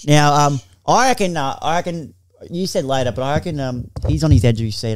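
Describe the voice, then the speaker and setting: A man's voice: a little high, brisk. A man hosting a podcast, teasing his co-hosts in casual banter. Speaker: podcast host. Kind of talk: casual chat.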